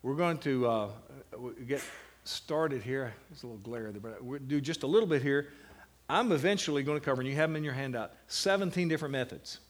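A man teaching a class on meditating on the Bible, slowing down to stress single words and breaking into lively asides. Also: medium pitch.

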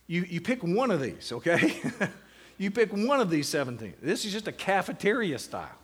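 Slow-stressing male Bible teacher. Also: high-pitched, breathy edge. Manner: slows to stress single words, lively asides. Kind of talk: teaching a class on Bible meditation.

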